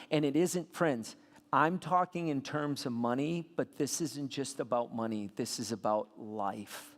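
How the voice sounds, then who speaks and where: A man preaching a sermon as a pastor, telling a story with lively swings between soft asides and loud bursts. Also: mid-range voice, unhurried. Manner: animated storytelling with sudden loud peaks. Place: church sanctuary. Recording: long hall reverb.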